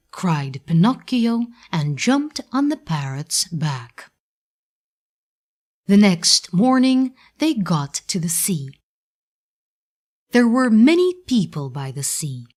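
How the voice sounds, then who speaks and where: A woman with a Russian accent narrating a children's story slowly and clearly for English learners. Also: fairly low pitch. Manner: clear, deliberate, expressive.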